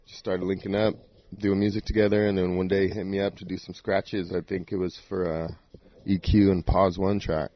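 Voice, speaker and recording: Low-voiced dj dude, chill and slangy, dry muffled lo-fi recording. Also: male voice, fairly even intonation, fairly quick. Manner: laid-back slangy storytelling. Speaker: guest DJ. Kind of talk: casual interview talk.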